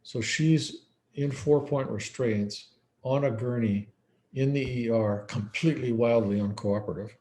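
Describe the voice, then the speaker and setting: A man's voice: mid-range voice, unhurried, darkish tone, slight background noise. A man speaking as a psychiatrist in a conference lecture, telling case stories in a conversational way. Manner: conversational, storytelling, acts out quoted dialogue.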